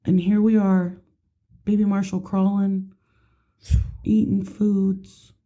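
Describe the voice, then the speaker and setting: A woman's voice: mid-range voice, flat delivery, slow, warm tone. A woman in her thirties, a podcast co-host telling family stories in casual chat and swearing freely. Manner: chatty storyteller, swears casually.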